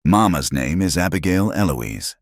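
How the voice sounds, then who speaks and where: A man reading a storybook voicing a stubborn, tearful young girl in a high voice. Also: expressive, normal speed, dry recording, studio quality. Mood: confused.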